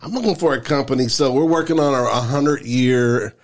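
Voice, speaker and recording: This is a man co-hosting a podcast, and he speaks. He talks in a laid-back, rambling way, at an even middling pitch. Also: normal speed. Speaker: podcast co-host. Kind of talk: casual chat.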